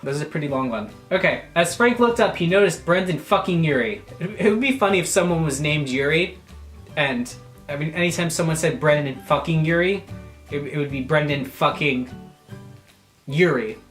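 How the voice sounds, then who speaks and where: Animated young man joking in a roomy room. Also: on the high side, moderate pace, faint music behind. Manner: animated, crude, mock-offended jokes. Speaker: YouTuber. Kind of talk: comedic reading aloud with asides.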